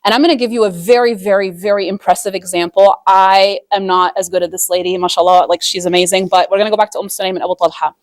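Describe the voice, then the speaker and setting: A woman's voice: medium pitch, steady tone, fast, few pauses, no room sound. Chatty woman teaching on marriage, dry sound. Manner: chatty, frequent "like", acts out quoted voices. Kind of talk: casual religious lesson.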